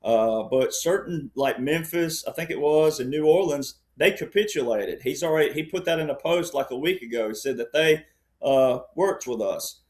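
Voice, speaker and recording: A man's voice: on the high side, lively intonation, moderate pace, darkish tone. A man speaking as a panel guest in conversational political commentary, rambling and insistent, often checking in with "all right".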